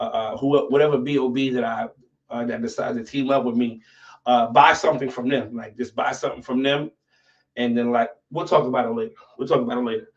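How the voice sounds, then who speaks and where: A man hosting a casual livestream chat, slangy and profane, swinging from mumbles to shouts. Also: mid-range voice, far from the mic, highs cut off. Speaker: livestream host.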